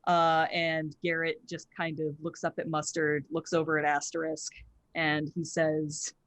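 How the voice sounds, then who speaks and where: A game master narrating a tabletop game in a halting way with lots of "uh" and "um". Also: medium pitch, monotone, fairly bright tone, dry recording. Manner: halting narration with many fillers.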